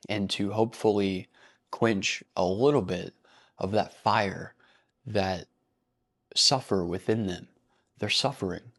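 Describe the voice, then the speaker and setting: A man hosting a casual vlog commentary, talking bluntly with frequent swearing and breaking into laughter. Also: fairly low pitch. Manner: blunt and profane, laughs easily. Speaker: commentary channel host.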